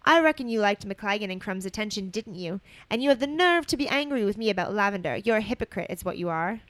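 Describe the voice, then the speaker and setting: A woman's voice: mid-range voice, lively intonation, fast talker, a bit bright, dry recording, close to an everyday voice. A hot-headed teenage schoolboy wizard snapping back with blunt, defensive outbursts, as a woman reads him aloud. The voice sits mid-height for a woman, recorded dry and close with no room sound. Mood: angry.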